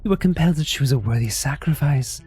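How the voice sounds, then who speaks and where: A man putting on a sinister high-pitched game dealer. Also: expressive, fast, dark tone, husky, soft background music. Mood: ominous. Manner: theatrical, raised and ominous. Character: sinister old male card-game dealer, menacing. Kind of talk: narrating a video game in character.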